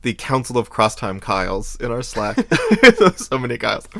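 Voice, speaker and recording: A man's voice: medium pitch, normal speed, creaky, fairly bright tone, dry recording. A man from the United States hosting a podcast in casual chat, loose and hesitant, often laughing through his words. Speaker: podcast host.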